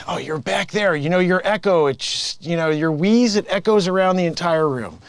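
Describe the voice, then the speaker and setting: A man's voice: high-pitched, normal speed, clean tone, no room sound. A man improvising a sleazy, smug phone scammer boss who mocks his coworkers and cons callers. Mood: mocking. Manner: smug, mocking, laughing at his own lines. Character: sleazy male phone scammer boss posing as tech rebate agent. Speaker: improv comedian. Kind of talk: improvised comedy sketch.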